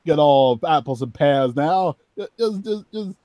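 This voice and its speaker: A man's voice: on the high side, lively intonation, unhurried, warm tone, dry recording, muffled recording. A man voicing a young male university student, dreamy and flustered, with a put-on English accent and a stammering, pleading way of talking.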